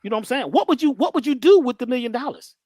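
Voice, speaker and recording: A woman's voice: a little high, animated, very fast, mellow, no room sound, studio quality. A woman giving a preachy motivational talk as a guest, full of rhetorical questions, repeated phrases and slang. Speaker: guest teacher on mindset and healing.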